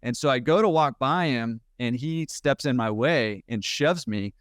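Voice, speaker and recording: A man's voice: medium pitch, smooth, dry recording, studio quality. A man, a podcast guest, telling a story casually and with energy, chuckling as he goes. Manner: animated, quick, laughing at his own story.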